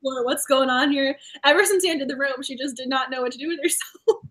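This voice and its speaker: A woman co-hosting a casual romance book discussion, animated and laughing often. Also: sits high, quick pace. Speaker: book club co-host.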